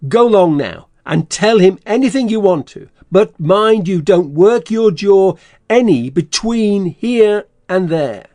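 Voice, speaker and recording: An actor playing a scheming, bossy swindler in an audiobook, blustering and threatening. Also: male voice, high-pitched, expressive, slow pace, warm tone, no room sound. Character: scheming middle-aged male swindler, gruff and bossy. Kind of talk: audiobook character reading.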